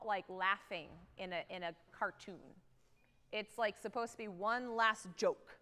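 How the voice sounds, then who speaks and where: A woman conducting a high school band rehearsal, energetic and singing rhythms aloud to demonstrate them. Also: measured pace, smooth, soft background music. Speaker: guest conductor. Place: large theatre stage. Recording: reverberant hall.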